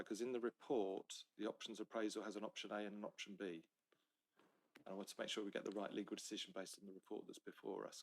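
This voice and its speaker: A fairly low-voiced man speaks up as a councillor in a formal meeting, with faint background noise behind him. He is careful and methodical, circling back to make sure he has the details right. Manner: careful, seeks clarification, repeats himself.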